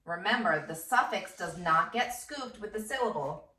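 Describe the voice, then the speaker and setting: A woman's voice: mid-range voice, lively intonation, moderate pace, bright, forceful tone, far from the mic. A first grade teacher, a woman, giving a patient phonics lesson and sounding out words syllable by syllable. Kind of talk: slow phonics lesson for children. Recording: echoey room, voice off-mic.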